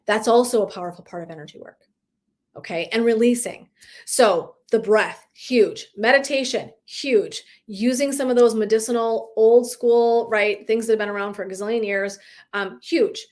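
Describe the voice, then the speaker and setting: A woman's voice: fairly high pitch, normal speed, darkish tone. A woman in her thirties, a wellness coach, talking casually and animatedly on a live video, swearing lightly and laughing often. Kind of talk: casual live-stream talk.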